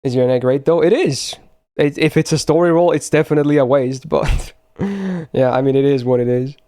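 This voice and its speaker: A man's voice: a little high, moderate pace, warm tone. A young man chatting casually on a live stream, blunt and swearing often as he talks to his chat.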